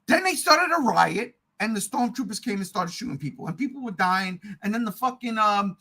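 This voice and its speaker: A middle-aged man co-hosting a casual podcast, ranting in a heated, profane way and often shouting. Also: high-pitched, lively intonation, brisk, rough recording. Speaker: podcast co-host.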